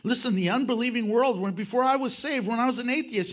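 A man preaching a sermon, animated, acting out quoted voices and swinging between loud and soft. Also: very high-pitched, fast, few pauses. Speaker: pastor.

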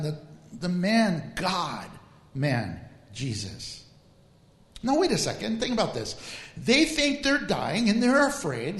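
A man preaching as a pastor in a lively, humorous way, drawing out emphatic phrases. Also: high-pitched. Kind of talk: sermon. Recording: echoey hall.

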